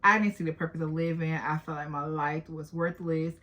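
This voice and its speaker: A woman's voice: deep voice, steady tone, a little fast, fairly bright tone, highs cut off. A woman in her late twenties talking candidly and emotionally to her viewers in a personal vlog. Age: late 20s. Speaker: vlogger.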